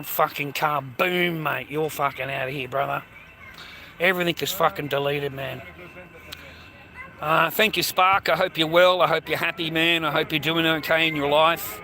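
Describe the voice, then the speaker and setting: A man's voice: a little high, poor audio. An Australian man rambling crudely on a livestream from a train station, swearing constantly and greeting viewers by name. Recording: faint street noise.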